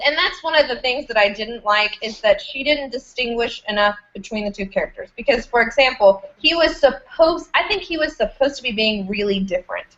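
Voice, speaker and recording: Brief: young woman, very high voice, lo-fi call audio, hesitant. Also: fairly quick, hardly any pauses, a bit bright. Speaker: book club member. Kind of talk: casual chat. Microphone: video call.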